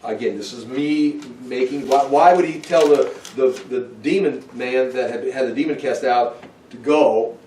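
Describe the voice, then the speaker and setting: A man's voice: medium pitch, normal speed, mellow, slight background noise. A man teaching a Bible study who thinks aloud with restarts and asides. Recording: roomy, from far off the mic.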